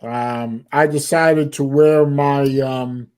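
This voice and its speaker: His mid-range voice is clean and darkish, with fairly even intonation, and he takes it slowly. This older Florida man hosts a casual livestream chat, sounding tired, yawning, and rambling with many fillers.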